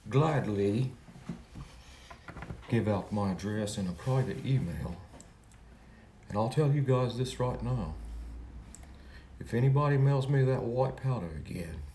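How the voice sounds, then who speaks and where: A self-important true-crime livestreamer, played by a man, rambles about his own research in a low voice full of lively swoops. He jumps between loud griping and hushed asides in a parody livestream. The recording sounds echoey, with a faint hiss underneath.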